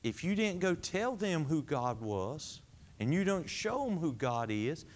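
A man preaching a sermon, asking the congregation questions and answering them himself, swinging between high emphatic lines and low quiet ones. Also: very animated, a little slow. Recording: long hall reverb.

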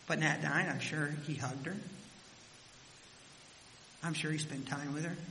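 Bright-voiced preacher in an echoey hall. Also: male voice, fairly high pitch, steady tone, unhurried, creaky. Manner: dramatic storytelling, voice rising and dropping. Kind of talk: sermon. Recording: echoey hall with faint hiss.

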